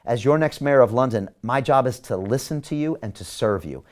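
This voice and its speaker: A man's voice: medium pitch, expressive, fairly quick. A man running for mayor who hosts a show, giving an emphatic campaign address to viewers, firing off rhetorical questions and reading out their comments. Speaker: mayoral candidate and show host.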